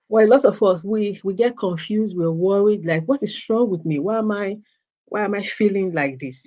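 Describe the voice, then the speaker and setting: Woman giving gentle advice talk, lo-fi. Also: sits low. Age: adult. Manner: gentle, repetitive, with frequent restarts and "you know". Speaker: host of a girls' talk channel. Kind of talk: casual advice talk to teenage girls.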